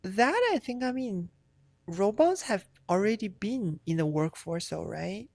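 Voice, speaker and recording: A woman's voice: mid-range voice, animated, unhurried, vocal fry, darkish tone, no room sound. A woman streamer chatting casually on a live stream, rambling and swearing, with many fillers and restarts.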